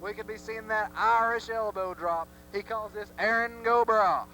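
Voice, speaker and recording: A man calling a local wrestling match play-by-play with excited, hype-driven energy. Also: high-pitched, moderate pace, soft background music, low-quality recording. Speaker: play-by-play commentator. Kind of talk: wrestling commentary. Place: armory arena.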